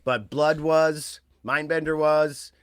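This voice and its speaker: A man's voice: fairly high pitch, steady tone, slow pace, fairly bright tone, clean tone, dry recording, clean studio sound. Rambling man in casual wrestling chat. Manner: rambling, trails off and restarts. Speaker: wrestling podcast co-host.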